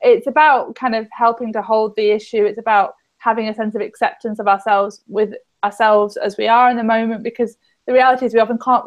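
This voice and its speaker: A woman, an EFT practitioner on a podcast, guiding listeners gently and patiently through a tapping exercise. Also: fairly high pitch. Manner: gentle, instructive, inviting.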